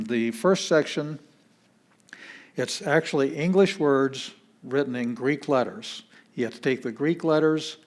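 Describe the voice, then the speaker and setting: A man's voice: mid-range voice, measured pace. Man patiently teaching a language class. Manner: patient, plain-spoken, walks through steps one by one. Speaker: pastor teaching a Greek class. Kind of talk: classroom lesson.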